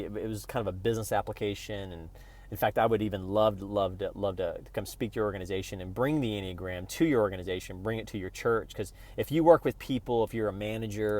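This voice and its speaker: A man from Oklahoma talking casually to camera in a rambling, playful travel vlog, full of restarts. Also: fairly low pitch. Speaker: vlogger.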